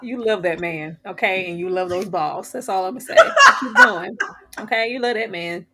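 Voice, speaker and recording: Lively teasing woman co-host. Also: mid-range voice, moderate pace, a little hiss or hum. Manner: playful, bossy, teasing. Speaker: co-host of a watch-along reaction show. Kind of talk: casual group chat reacting to a show.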